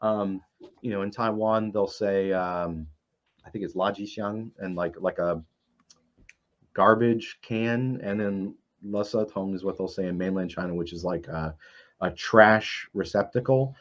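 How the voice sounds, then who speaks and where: A man's voice: sits low, a little slow. A middle-aged man telling stories on a casual panel, rambling with many fillers and restarts. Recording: dull lo-fi audio.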